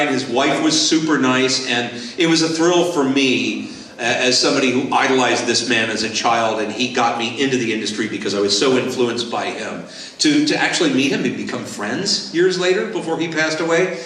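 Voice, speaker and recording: A man in his sixties from Southern California, a voice actor telling lively stories at a convention Q&A panel on a handheld mic. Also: mid-range voice. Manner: lively, animated storyteller. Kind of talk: convention Q&A storytelling. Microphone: handheld microphone. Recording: echoey hall, voice from far off.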